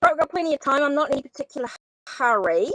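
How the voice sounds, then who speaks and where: A woman's voice: sits high, expressive, fast, fairly bright tone, no echo, poor audio. Flustered woman hosting a tarot stream. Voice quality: says she has a funny accent. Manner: flustered, apologetic, thinks aloud while typing names. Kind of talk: casual live-stream chat.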